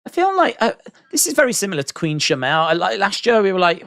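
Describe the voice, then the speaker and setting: A man commentating casually over a live stream, chatty and quick to laugh at what he hears. His voice sits a little high, and the sound is dry and close to the mic. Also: very animated, vocal fry, fairly bright tone, no room sound. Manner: chatty, reacting with laughs and asides. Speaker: host of a wrestling watch-along stream.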